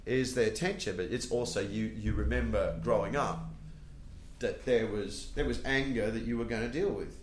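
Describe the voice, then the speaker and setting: A man's voice: on the low side, normal speed. Brief: Australian man, stand-up comic on a podcast, profane storyteller, in a roomy, echoey room with faint hum. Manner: swears freely, animated when telling stories. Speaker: comedian guest.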